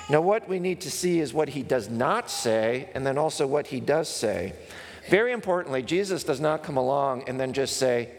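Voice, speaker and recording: A man's voice: medium pitch, normal speed. Man preaching in a reverberant hall. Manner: earnest, acts out a comic skit with raised voice. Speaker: pastor. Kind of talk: sermon.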